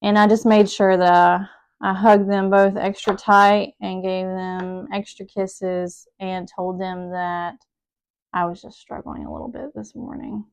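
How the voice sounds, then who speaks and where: A woman's voice: mid-range voice, little pitch movement, measured pace, vocal fry, smooth. A woman in her thirties, a mom, chatting casually in her home kitchen while she cooks, telling a rambling, emotional story about a hard morning. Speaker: mom vlogger cooking at home. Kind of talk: casual chat while cooking.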